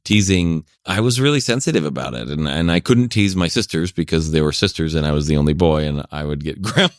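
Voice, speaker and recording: A deep-voiced middle-aged man talks casually, wandering through long stories and chuckling between thoughts. The sound is dry and close, with no room around it. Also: lively intonation, brisk, no echo. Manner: rambling storyteller, chuckles often. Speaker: podcast guest, parenting coach. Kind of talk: casual chat.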